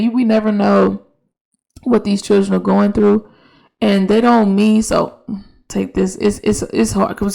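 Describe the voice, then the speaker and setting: A woman's voice: mid-range voice, gravelly, a little mellow. A young woman, a teacher hosting her own podcast, reflecting in a casual, conversational way with frequent restarts. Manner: conversational, with many restarts and quoted dialogue. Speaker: podcast host, elementary school teacher.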